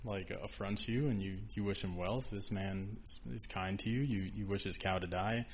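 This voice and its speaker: A man's voice: fairly low pitch, steady tone, normal speed, close to an everyday voice. A man voicing a baffled companion who questions his friend in casual, puzzled speech. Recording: dull lo-fi with faint hiss.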